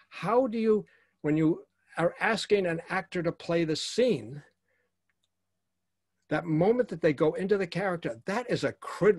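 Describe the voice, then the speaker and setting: A man's voice: fairly high pitch, slightly rough, no echo, clean studio sound. A man teaching a workshop to actors and directors, speaking emphatically and repeating his key phrases.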